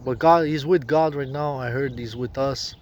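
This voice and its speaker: A man rambling in halting, full of fillers and restarts, recorded outdoors near his tent. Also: mid-range voice, highs cut off. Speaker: vlogger. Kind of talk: rambling spoken monologue. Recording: noisy outdoor recording with passing traffic. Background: outdoor ambience and vehicles.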